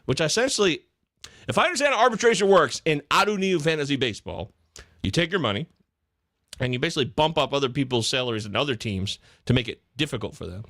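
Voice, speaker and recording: A man hosting a live fantasy football chat in a jokey, excitable way, jumping from loud bursts to muttered asides. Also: fairly high pitch, fast talker, no echo, clean studio sound. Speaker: podcast host.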